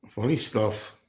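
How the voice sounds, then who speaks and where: Rambling man chatting to viewers. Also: darkish tone. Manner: rambling, laughs often, thinks aloud. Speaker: host. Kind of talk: casual solo livestream chat, answering viewer comments. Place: indoor room at a table with a laptop.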